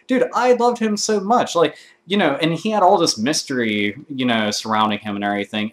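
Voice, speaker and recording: A man hosting his own gaming video, ranting casually to camera with constant swearing and excitable outbursts. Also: medium pitch.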